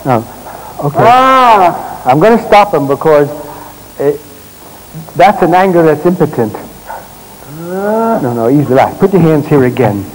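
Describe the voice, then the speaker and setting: A man leading a live therapy demonstration on a stage, giving gentle, directive instructions in short commands and explaining to the audience as he works. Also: on the high side, expressive, a little slow, pauses often, low-quality recording. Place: stage at a congress.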